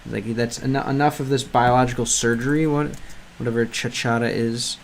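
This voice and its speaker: Male streamer, average pitch, chatty and hesitant, translating aloud and answering chat. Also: steady tone, normal speed, slight background noise. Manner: rambling and hesitant, many ums and restarts. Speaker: livestreamer learning Spanish through a game. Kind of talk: casual live-stream chat.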